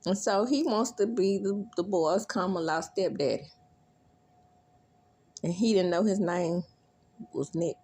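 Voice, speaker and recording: A woman recapping a TV episode in a chatty, animated way, laughing often and squealing when she quotes lines. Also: medium pitch, a little slow, long pauses, husky. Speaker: recap vlogger.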